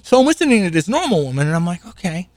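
A man's voice: high-pitched, sing-song, rapid-fire, darkish tone, no room sound. An older man telling a rambling, profane story in casual monologue, full of asides and restarts. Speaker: show regular.

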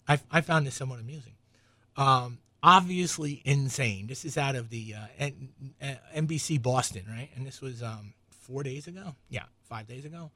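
A man's voice: medium pitch, fairly bright tone, no echo. A man with a slight New England accent hosting a casual talk show, reading news aloud and riffing sarcastically with lots of fillers. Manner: rambling, sarcastic, many fillers, laughs at own jokes. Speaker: show host.

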